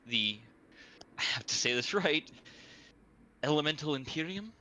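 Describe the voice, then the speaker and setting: Bright-voiced man playing a tabletop game. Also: a little high, animated, a little slow, pauses often, slight background noise, rough recording. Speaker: player.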